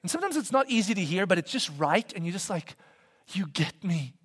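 Man preaching, loud then whispering. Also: high voice, quick pace. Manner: animated, swings from loud emphasis to soft whispers; conversational, asks the congregation questions. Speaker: pastor. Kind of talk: sermon.

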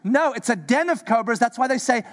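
A man preaching a sermon, animated and playful, slipping into acted-out voices for his asides. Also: very high-pitched, brisk. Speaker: pastor.

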